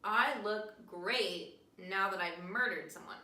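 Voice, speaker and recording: A woman's voice: mid-range voice, slow, pushed and bright. A woman voicing a smug, carefree demon-possessed teenage girl in a sing-song, breezy way while retelling a film. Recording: echoey room, distant mic, faint noise.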